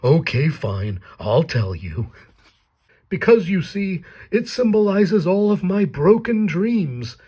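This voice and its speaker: A man's voice: sits high, sing-song, mellow, slightly rough, pitched above the performer's own voice, exaggerated voice. A man playing a mournful sad-sack old man. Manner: slow, mournful and drawn-out.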